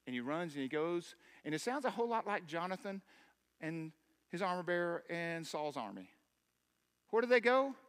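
Preacher, male, bright forceful tone, fairly high voice, emphatic delivery, long reverb of a church hall. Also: expressive, normal speed. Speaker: pastor. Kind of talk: sermon.

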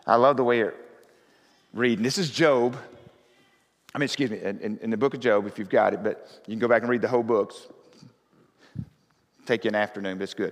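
A man preaching a conversational sermon as pastor, often rising to loud, fervent scripture reading. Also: on the low side, fast talker. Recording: reverberant hall.

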